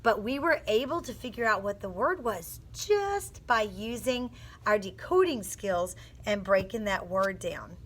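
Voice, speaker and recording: A woman's voice: medium pitch, measured pace. A woman teacher reading a picture book aloud to young children and coaching them through sounding out words. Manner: expressive storytelling with phonics coaching.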